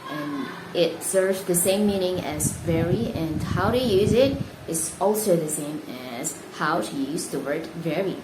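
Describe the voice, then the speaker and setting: Slow, careful Indonesian woman teacher. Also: lowish voice. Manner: slow, careful, stresses key words. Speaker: English teacher. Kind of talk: explanatory lesson. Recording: echoey room with faint noise.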